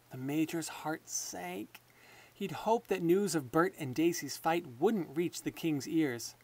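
Male audiobook narrator, measured storytelling, fairly high voice. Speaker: audiobook reader.

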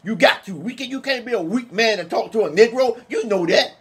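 A man teaching from the Bible in an emphatic, colloquial sermon, slowing down to read scripture. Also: high voice, expressive, husky. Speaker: preacher.

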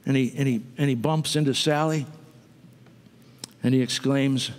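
A man's voice: medium pitch, fairly even intonation, moderate pace, long pauses. A man preaching a sermon to his congregation, conversational, with asides to the people in the pews. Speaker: pastor. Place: church sanctuary. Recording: long reverb of a church sanctuary.

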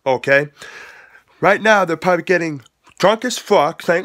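High-voiced, brash man mocking rival fans. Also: moderate pace, long pauses. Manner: profane, mocking, laughing loudly. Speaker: vlogger. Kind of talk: mocking sports rant. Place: at home with the game on TV. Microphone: facing the camera.

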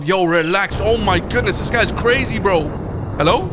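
A young man hosting a gaming video, giving excitable, jumpy gameplay commentary and talking to his viewers. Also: high voice, normal speed.

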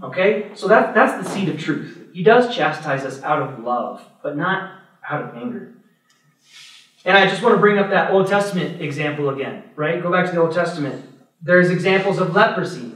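A fairly high-voiced man teaches as a priest, speaking loosely and checking in with his listeners. His voice bounces around a very echoey room. He sounds set well back from the microphone. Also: lively intonation, normal speed, a bit bright. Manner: conversational, checks in with "right?" and "okay?"; acts out other people's thoughts in little voices. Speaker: Catholic priest teaching adults. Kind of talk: parish adult-formation talk. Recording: very echoey room, mic far off.

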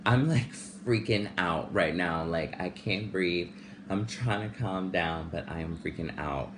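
Panicky, dramatic man vlogging. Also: low voice. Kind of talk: casual vlog talk to camera. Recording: noisy recording with steady background noise.

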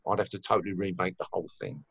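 A man's voice: sits low, very fast, creaky, fairly bright tone, slightly rough, no echo, highs cut off. A man, a guest telling rambling stories with lots of fillers and swearing in a casual conversation. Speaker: guest musician.

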